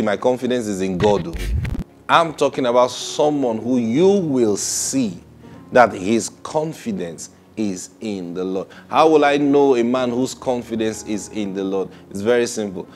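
A man preaching a sermon in an animated way, acting out quoted people and repeating words. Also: mid-range voice.

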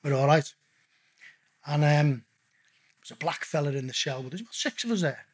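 As a guest on a casual podcast interview, a man tells his own stories in a lively, anecdotal way, swearing constantly and calling the host mate. His voice is a little high and fairly quick, with a breathy edge.

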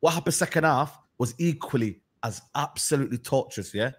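A man's voice: medium pitch, animated, fairly quick. A man ranting about his football team in heated, slangy banter. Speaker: football fan.

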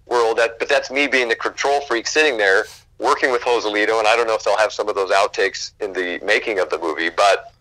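A man, a guest actor, telling animated stories from film sets in a casual interview and acting out quotes, swearing freely. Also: fairly low pitch, brisk, no echo, poor audio.

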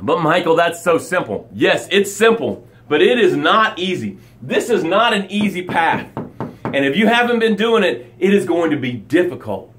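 Preachy, high-voiced motivational man. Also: moderate pace, slight background noise. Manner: energetic, preachy, repeats key phrases; acts out angry stories with rising voice. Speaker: motivational coach. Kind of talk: live motivational broadcast.

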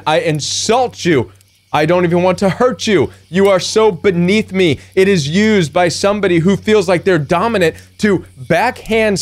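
High-voiced preachy male coach. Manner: preachy, emphatic, acts out quoted retorts. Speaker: recovery coach. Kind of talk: motivational talk.

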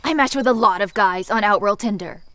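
A woman's voice: medium pitch, a little fast, fairly bright tone, clean tone, dry recording, natural voice. An actress playing a flirty female assassin, breezy and offhand in a comedic fan film.

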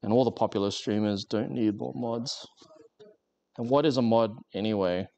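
A man's voice: on the low side, fairly even intonation, moderate pace, creaky, mellow. A man chatting casually and joking with viewers while working on a craft during a live stream. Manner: rambling, joking, talks to chat while working.

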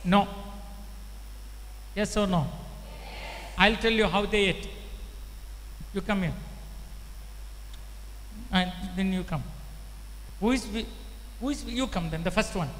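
A man preaching a lively sermon, asking the audience questions and urging them to respond. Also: high voice, takes it slowly, pauses often. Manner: rhetorical, pushes audience to respond. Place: large shrine hall. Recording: echoey hall, faint noise.

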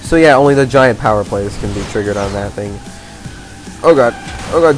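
A man giving gaming commentary as a let's play host, ranting in exasperation, swearing and yelling at the game. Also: mid-range voice, lively intonation, normal speed, long pauses, faint music behind.

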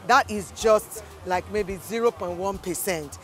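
A mid-pitched woman gives a measured report on local project progress, pausing with fillers. Faint music plays under her voice. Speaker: community development official. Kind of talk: on-site project briefing.

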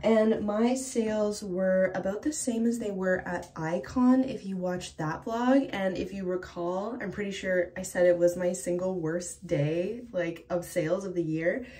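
A woman's voice: medium pitch, fairly even intonation, measured pace, hardly any pauses, warm tone. A woman in her thirties, a self-employed illustrator, talking candidly to the camera in a casual vlog, with lots of "like" fillers and small laughs.

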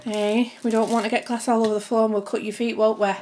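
A woman's voice: fairly high pitch, little pitch movement, fast talker, very noisy. A young woman chatting through a family grocery haul to camera at home, rambling and slightly out of breath. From United Kingdom. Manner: chatty, rambling, keeps addressing viewers as guys. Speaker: family vlogger.

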